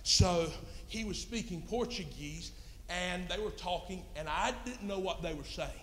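A man's voice: high-pitched, measured pace, fairly bright tone, a little hiss or hum. A man preaching a sermon, telling a story in a folksy, plain-spoken way. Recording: long reverb in a hall.

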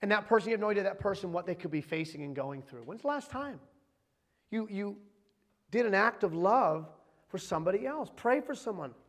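A man's voice: high-pitched, expressive, brisk. A man in his thirties, a pastor, preaching a sermon and urging the congregation on with repeated rhetorical questions. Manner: exhorting, repetitive rhetorical questions.

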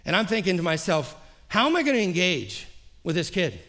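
Animated pastor telling a story. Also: male voice, high voice, fairly quick. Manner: animated storyteller acting out quoted dialogue, repeats phrases. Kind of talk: sermon storytelling. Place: church service.

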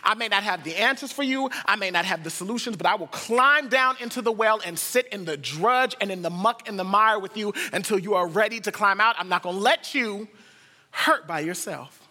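A man from the United States preaching, his voice high and bright, ringing out with a long hall reverb. He tells stories and moves from hushed lines to excited bursts. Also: brisk, few pauses. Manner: storytelling, swings from hushed to excited. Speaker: pastor. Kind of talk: sermon.

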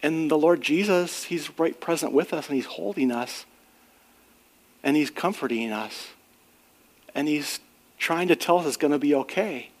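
A man's voice: on the high side, unhurried, pauses often. A middle-aged man preaching a sermon in an earnest, conversational way, rising on emphatic questions and sharing personal stories. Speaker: pastor.

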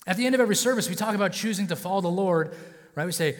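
A man's voice: fairly high pitch, a little fast, in a large hall. A male pastor preaching a sermon in a casual, joking way, often checking in with his listeners.

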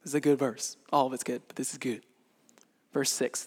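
A man in his thirties preaching a sermon in an animated way, acting out little scenes with sound effects. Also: fairly high pitch, moderate pace. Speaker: pastor. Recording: reverberant hall.

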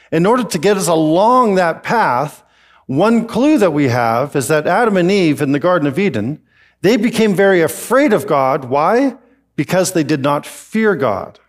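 A man preaching a sermon, animated and joking with the congregation. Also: fairly high pitch. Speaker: pastor.

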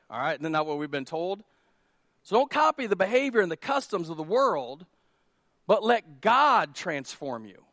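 Man, pastor, sermon, high voice, casual joking delivery, emphatic repetition, dry close sound. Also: a bit bright, no echo. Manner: conversational preaching with jokes, rising to emphatic repeated lines. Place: church sanctuary.

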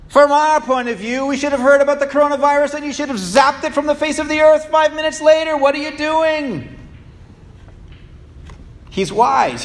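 High-voiced preacher in an echoing hall. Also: male voice. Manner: animated, humorous, emphatic. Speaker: pastor. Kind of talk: sermon. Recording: long reverb of a large hall.

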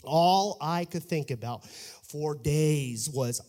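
Male preacher, high voice, hushed storytelling that climbs into shouted exhortation. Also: slow, long reverb tail. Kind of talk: sermon.

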